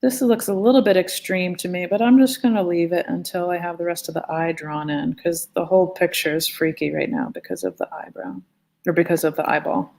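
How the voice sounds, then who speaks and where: A woman's voice: on the low side, brisk, gravelly, a little mellow. A woman teaching a live online drawing lesson in a chatty, playful way, talking as she draws. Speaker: art teacher. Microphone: phone.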